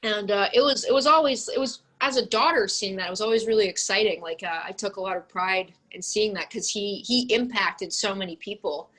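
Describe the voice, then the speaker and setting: Bright-voiced young woman chatting casually. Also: medium pitch, a little fast, hardly any pauses, poor audio. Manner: rambling, heavy use of "like" and "um". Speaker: interview guest. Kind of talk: casual chat.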